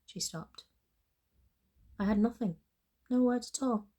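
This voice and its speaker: A woman's voice: mid-range voice, lively intonation, a little slow, long pauses, dark tone, slightly rough. Woman author doing a plain first-person reading of her own novel. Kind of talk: reading fiction aloud.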